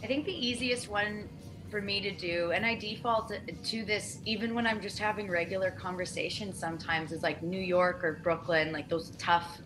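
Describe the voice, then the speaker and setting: An easygoing woman with a mid-range voice pokes fun at herself. Music plays clearly behind her. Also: medium pitch, fairly even intonation, moderate pace, low-quality recording. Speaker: voice actor on a panel. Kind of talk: casual panel chat.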